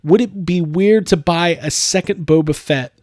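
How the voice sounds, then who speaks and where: Man, casual podcast host, rambling, animated, slightly high pitch, dry recording. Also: normal speed, dry recording. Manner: rambling, animated, laughs often. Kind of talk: casual chat.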